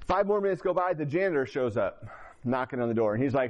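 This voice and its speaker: A man's voice: mid-range voice, expressive, fast talker, a little mellow. A man in his forties from Indiana giving a candid personal testimony, rambling with restarts. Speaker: recovering addict telling his story.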